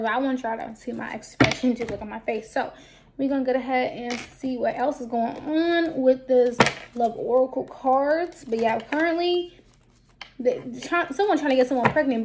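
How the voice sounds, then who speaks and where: A woman's voice: on the high side, noisy background. A woman giving a casual tarot card reading to her viewers, talking bluntly and with plenty of profanity. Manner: blunt, profane, lively talk.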